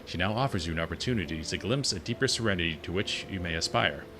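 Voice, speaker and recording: A man voicing a gentle male angel who speaks for a goddess, in formal, solemn phrasing while reading game dialogue aloud. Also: low voice, fast talker, noisy background.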